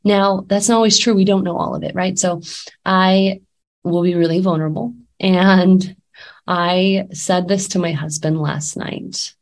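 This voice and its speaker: A woman in her thirties who works as a life coach talks casually to the camera in a fairly low, fairly even, unhurried voice. She sounds a little sick and speaks candidly, with lots of fillers and restarts.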